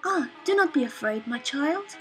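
A woman voicing a gentle, motherly goat caretaker in a video game, in a put-on English accent. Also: high-pitched, lively intonation, moderate pace, soft background music. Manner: soft, formal and kindly.

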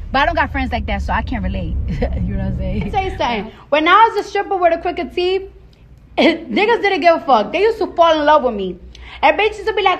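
A woman's voice: very high voice, brisk. A woman talking straight to her followers in a casual monologue, brash and profane, telling stories with lots of energy. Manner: brash, profane, animated storytelling.

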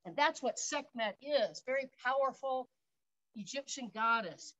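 A woman's voice: high-pitched, expressive, unhurried, fairly bright tone, highs cut off. A woman park guide leading an outdoor workout, upbeat, counting reps aloud and cheering, a little out of breath. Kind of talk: instructional exercise demonstration.

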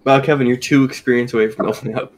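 A man's voice: medium pitch, fairly even intonation, racing, slight background noise. A man playing a game online with friends, teasing and ribbing them playfully. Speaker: player. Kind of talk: casual gaming chat.

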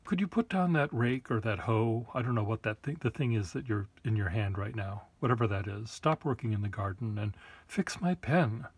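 A man's voice: fairly low pitch, lively intonation, normal speed, slightly rough, no room sound. A man voicing a haughty wealthy lady who orders her servant about. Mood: imperious. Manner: haughty, demanding.

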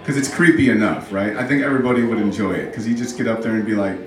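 A man's voice: fairly low pitch, very fast, hardly any pauses. A man doing a stand-up set in a comedy club, rambling, self-mocking and bantering with the audience. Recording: roomy club, mic from far off.

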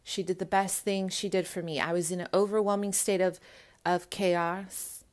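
A woman's voice: on the low side, little pitch movement, moderate pace. A young woman talking casually to the camera, earnest and emphatic, often turning to address her viewers directly. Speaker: spiritual vlogger.

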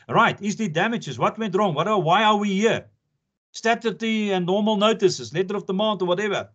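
Captured in lo-fi sound, a high-pitched male lecturer talks through law material. His teaching is conversational and emphatic, with points repeated to drive them home.

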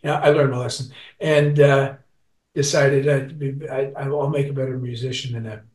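A man's voice: mid-range voice, level tone, moderate pace, a little mellow. An older man in his sixties tells a long story as an interview guest, stumbling and restarting often. He sits away from the mic, so his voice comes through distant and roomy. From Scotland, raised in Canada. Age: 60s. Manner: rambling, many restarts and repeats. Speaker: guest musician.

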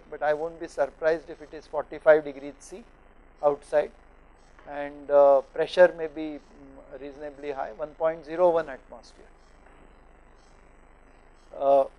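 A middle-aged man from India explaining thermodynamics to teachers in a lecture studio, pausing often with fillers as he works through examples. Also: fairly high pitch, darkish tone, poor audio.

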